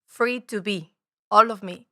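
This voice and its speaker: Bright-voiced woman, earnest and reflective. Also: mid-range voice, a little slow, no room sound, studio quality. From Mexico. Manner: reflective, earnest, repeats phrases, swears casually. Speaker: podcast guest, spiritual guide. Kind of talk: casual conversation.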